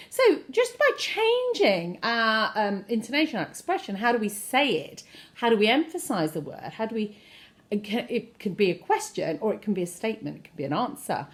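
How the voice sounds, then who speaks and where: A woman leads a French lesson for children, modelling words and pausing for the listener to repeat them. Her pitch leaps around very expressively as she acts out different intonations. She praises each attempt warmly and brightly. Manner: encouraging, repeats phrases for the listener to echo; very animated pitch, plays with intonation. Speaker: French teacher.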